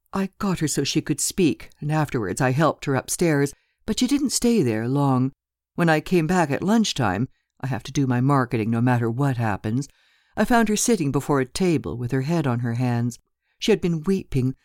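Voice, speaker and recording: A woman's voice: a bass voice, a little mellow, no room sound, studio quality. A woman narrator voicing a chatty, gossipy middle-aged landlady in an audiobook, rambling and talkative.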